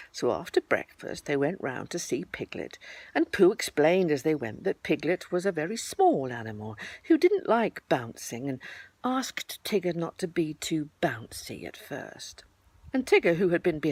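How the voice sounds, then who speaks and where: A woman reading a children's story aloud with animated storytelling. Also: low voice, slightly rough.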